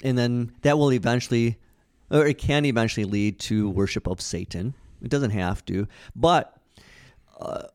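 A man's voice: medium pitch, normal speed, darkish tone, clean tone. A man co-hosting a casual Bible study discussion, talking in an earnest, conversational way with frequent restarts.

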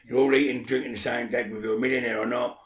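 A man's voice: medium pitch, little pitch movement, rapid-fire, roomy sound, a little hiss or hum. A man talking as an interview guest in casual chat, blunt and swearing a lot, often checking that the listener follows.

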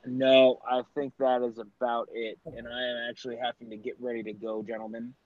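A man's voice: medium pitch, level tone, fairly quick, no room sound. A man co-hosting a podcast, speaking briefly and plainly in a casual chat. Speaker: podcast co-host. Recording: dull, lo-fi headset audio.

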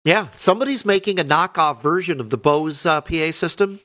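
A man co-hosting a podcast, rambling casually about guitars and PA gear, correcting himself and often clearing his throat. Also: a little high, brisk, a bit bright. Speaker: podcast co-host, band guitarist.

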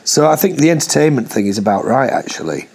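A man's voice: medium pitch, big pitch swings, fast talker, vocal fry, a little mellow, slightly rough. A man with a Northern English accent chatting bluntly and swearing freely over a video call, mocking and laughing.

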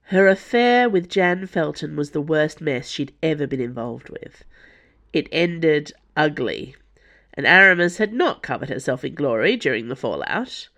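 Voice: medium pitch, animated, measured pace, fairly bright tone. An audiobook narrator reading scripted fiction expressively.

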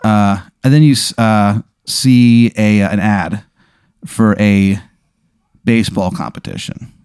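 A man's voice: fairly low pitch, fairly even intonation, a little mellow, clean tone, no echo. Man storyteller, casual improv, lots of ums, dry close sound. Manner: halting, full of fillers, puts on voices for characters. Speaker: storyteller posing a hypothetical.

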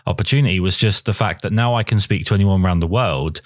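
Man, podcast host, very low voice, dry close sound, casual rambling chat. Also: quick pace, dry recording.

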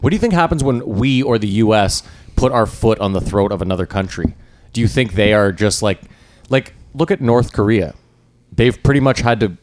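A man's voice: fairly low pitch, a little mellow, no echo. A man co-hosting a casual podcast chat, arguing his point and pushing the others with questions. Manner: argumentative, pressing with questions. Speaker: podcast co-host.

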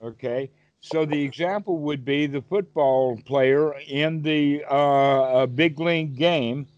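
A man's voice: fairly high pitch, slow pace, a little mellow, muffled recording. A man teaching meditation over a call, asking his listener questions and giving vivid everyday examples. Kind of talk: Dhamma talk on a call.

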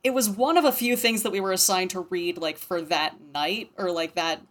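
A woman's voice: on the low side, moderate pace. A woman guest on a podcast, talking in a casual chat full of "like" and freely dropped swear words.

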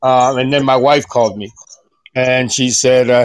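A man's voice: medium pitch, steady tone, no room sound. A middle-aged man on a podcast, talking casually and with feeling, often stumbling and restarting his sentences. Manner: halting, many restarts and fillers. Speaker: podcast guest. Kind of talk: casual emotional chat.

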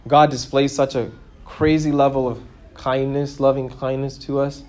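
A man preaching a sermon, who asks his listeners questions and grows louder and higher when he makes a point. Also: normal speed. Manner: lively, rises in pitch and volume for emphasis, asks the congregation questions.

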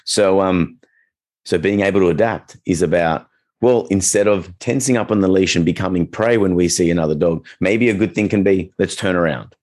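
A man with a deep, low voice chats easily about training dogs. He keeps a loose, conversational flow and slips into short acted-out reactions to make his points. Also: moderate pace. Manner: relaxed, chatty, acts out quoted reactions. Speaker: dog trainer. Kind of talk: casual podcast chat.

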